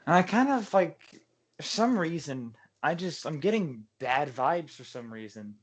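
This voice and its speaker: A man's voice: fairly high pitch, expressive, a little slow, husky. Man, tabletop player, casual, hesitant. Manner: hesitant, describing actions. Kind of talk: tabletop game play.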